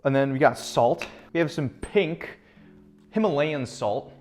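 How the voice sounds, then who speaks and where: A man's voice: medium pitch, animated, a little slow, a little mellow, faint music behind. A young man hosting a casual cooking vlog from his home kitchen, rambling and cracking self-mocking jokes as he works. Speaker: home cook vlogger.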